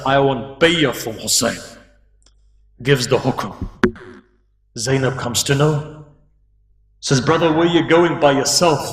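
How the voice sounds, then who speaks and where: Man, sermon storyteller, voices the figures, rises to high pleas, roomy echo. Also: a bit bright. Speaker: preacher. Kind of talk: emotional religious sermon storytelling. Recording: echoey room, distant mic.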